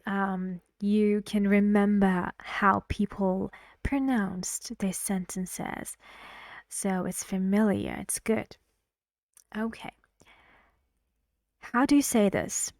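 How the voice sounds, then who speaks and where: Slow, careful woman teaching pronunciation. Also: mid-range voice, a little mellow, dry recording, studio quality. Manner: slow, repeats words to model stress and intonation. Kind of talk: online pronunciation lesson.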